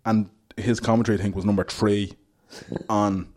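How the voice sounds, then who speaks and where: An Irish man telling animated, laughing stories as a guest in casual podcast chat. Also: fairly low pitch, moderate pace. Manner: animated storyteller, laughs often.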